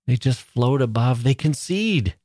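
A man's voice: mid-range voice, animated, unhurried, a little mellow, no echo, studio quality. A man hosting a literature podcast, talking through a play with earnest emphasis and a lot of repetition. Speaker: podcast host.

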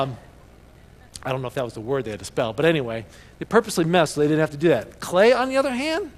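Animated preacher in a reverberant church. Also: male voice, a little high, fast talker. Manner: animated storytelling, bursts of loud excitement. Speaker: pastor. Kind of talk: sermon.

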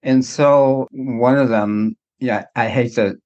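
A middle-aged man of middling pitch talks through his life story as an interview guest. He is reflective and unhurried and often circles back to restart a sentence. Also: fairly even intonation, darkish tone, lo-fi sound. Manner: reflective, with frequent restarts and hedges. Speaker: guest, doctor. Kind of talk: candid interview conversation.

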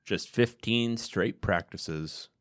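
A man in his thirties co-hosts a podcast in a studio, chatting casually with dry, wry humor. His voice is lowish and slow.

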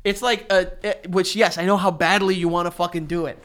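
A man co-hosting a casual podcast chat, loud and animated, swearing freely and breaking into loud laughter. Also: high-pitched, a little fast. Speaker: podcast co-host.

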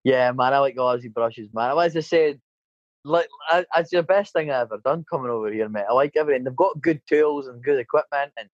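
A man's voice: medium pitch, brisk, no echo, dull audio. A man from Dundee with a Scottish accent, a painter and decorator chatting casually in a blunt, sweary way, peppering his talk with "mate" and "eh?". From Scotland. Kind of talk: casual chat.

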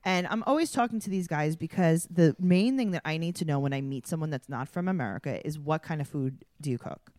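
Animated woman storyteller, dry close sound. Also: low voice, brisk, dry recording. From New York. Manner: animated storyteller who acts out quoted dialogue. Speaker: podcast co-host telling a story. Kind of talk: casual storytelling chat.

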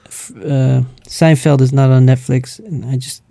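A man's voice: medium pitch, flat delivery, unhurried, creaky, dark tone, no room sound, clean studio sound. A man co-hosting a podcast, chatting casually in a playful way and laughing often. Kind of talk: casual chat. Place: Netherlands, indoors.

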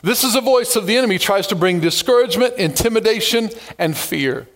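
A male pastor delivering an animated sermon in a high voice. He reads scripture, tells stories and drops playful jokes along the way. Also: fast talker. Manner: lively, animated preaching with joking asides.

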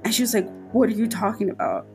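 A woman podcast host telling a personal spooky story in casual chat, her voice jumping high when she quotes herself. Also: steady tone, fast talker, faint music behind.

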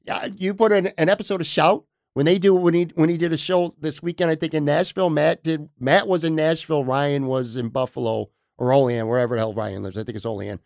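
A man hosting a late-night podcast, his voice on the high side and wearing thin after an illness. He talks in an easygoing, measured way. The sound is dry and close, with no room echo. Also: steady tone, creaky, a little mellow. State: losing his voice after being sick. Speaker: podcast host. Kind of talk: casual chat.

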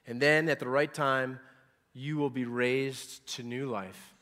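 A man in his forties delivers a sermon with emphatic, repeated phrases that swell loud at key points. His mid-range voice rings out with a long hall reverb. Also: mid-range voice, steady tone, takes it slowly. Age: 40s. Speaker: pastor.

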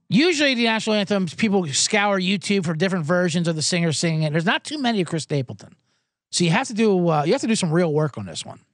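A man's voice: fairly high pitch, no echo, studio quality. A man hosting a sports betting livestream, talking casually and profanely, rambling and reading out viewer comments. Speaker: sports betting show host.

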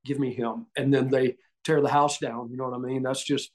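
Here a Southern-accented, middle-aged man, a former wrestler guesting on a podcast, spins casual stories in a mid-range voice at a fairly quick clip. Lively throughout, he performs the quoted lines and laughs a lot.

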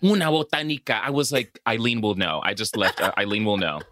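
A man with a Dominican-American accent tells a movie's story to his co-host in lively, casual English laced with Spanish. His voice is bright and sits low, and it swings widely in pitch. The mic is close and dry. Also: brisk, no echo. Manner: animated storytelling, switching between English and Spanish. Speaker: podcast co-host. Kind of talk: casual movie recap chat.

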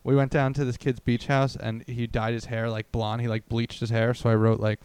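Guy rambling crude stories on a podcast, smooth clear voice, dry close mic. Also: medium pitch, flat delivery, normal speed, darkish tone, dry recording. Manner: rambling, crude storytelling with acted-out quotes. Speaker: podcast co-host. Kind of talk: casual comedy podcast chat.

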